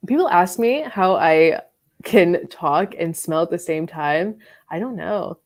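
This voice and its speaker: A woman's voice: fairly low pitch, lively intonation, takes it slowly, a little mellow. A woman chatting casually on a live stream about perfumes from her bedroom, rambling with lots of fillers and giggles. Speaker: fragrance reviewer and live stream host.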